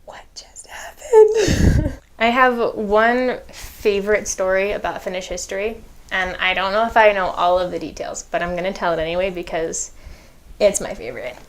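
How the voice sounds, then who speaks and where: A woman's voice: mid-range voice, normal speed, fairly bright tone. Young woman telling a funny missionary story, amused and casual.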